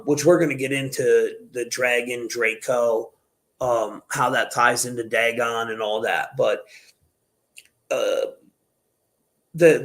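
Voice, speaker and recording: Casting: gravelly-voiced man, rambling conspiracy podcast host, animated delivery. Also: mid-range voice. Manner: rambling, animated, many restarts. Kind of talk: casual conspiracy talk.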